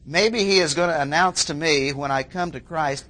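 A man preaching an expository sermon, repeating key phrases for emphasis and often clearing his throat. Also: on the high side, moderate pace, few pauses, bright, forceful tone, slight background noise.

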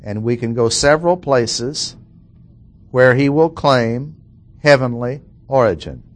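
A middle-aged man teaching through scripture at an unhurried, measured pace, with a mid-range voice. He works through the text point by point and repeats key phrases so they land. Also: medium pitch, expressive, soft background music. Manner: slow, deliberate, repeats key phrases for emphasis. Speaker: Bible teacher. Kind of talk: expository Bible lesson.

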